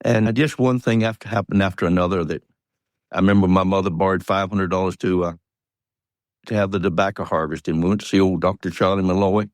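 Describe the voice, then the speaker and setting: In a low, steady-toned voice, a brisk Southern-accented Georgia man in his eighties chuckles through rambling, folksy stories as an interview guest. There is no room sound.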